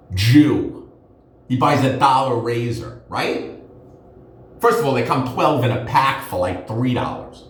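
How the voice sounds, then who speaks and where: A man rants in a rambling, sarcastic monologue while shaving, his voice a little high and swinging all over the place. He sits back from the mic in a very echoey room, with faint noise underneath. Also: far from the mic. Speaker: forensic accountant vlogger.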